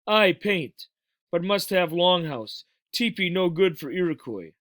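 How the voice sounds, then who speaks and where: A man's voice: sits high, animated, a little slow, fairly bright tone, dry recording, clean studio sound. A man voicing a tiny, stern, proud warrior who speaks in short clipped phrases, as a storybook read-aloud. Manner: gruff, broken clipped phrases.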